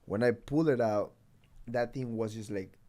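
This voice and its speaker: A podcast host from Ecuador, telling stories in a loose, rambling way full of fillers. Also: male voice, medium pitch, normal speed, mellow. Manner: rambling storytelling with many fillers, laughs often. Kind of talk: casual chat.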